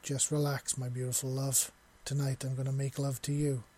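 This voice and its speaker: Man playing an affectionate young man, husky. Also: medium pitch, completely flat delivery, moderate pace, mellow, lightly acted. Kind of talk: audio story reading.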